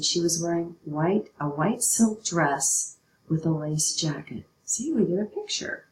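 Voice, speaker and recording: A woman's voice: fairly low pitch, expressive, unhurried, slight background noise. Woman teacher in an echoey room. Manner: patient, checks in with "okay" often. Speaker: English teacher. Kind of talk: recorded writing lesson.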